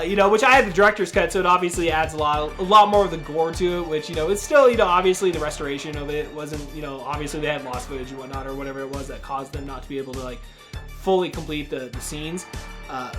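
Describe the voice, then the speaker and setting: Casting: young male movie-review host, casual and profane, higher voice with faint music underneath. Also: fairly bright tone. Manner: laid-back slangy, swears often, says dude a lot. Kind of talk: casual film recap.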